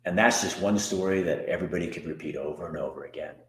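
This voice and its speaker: A middle-aged man hosting an earnest personal monologue, swinging from anger to hushed softness. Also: rumbling low, fast talker, reverberant. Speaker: host.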